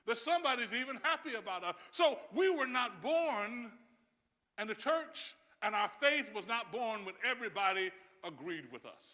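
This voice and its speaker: A man preaching a sermon as pastor, emphatic and often laughing, building to loud, rising calls. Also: very high-pitched, big pitch swings, normal speed. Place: church sanctuary. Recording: church sanctuary with long reverb.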